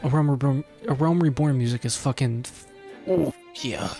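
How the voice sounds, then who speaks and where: A man's voice: medium pitch, normal speed, mellow, faint music behind. A man streaming a game, talking in a casual, crude, joking way. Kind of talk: casual gameplay commentary.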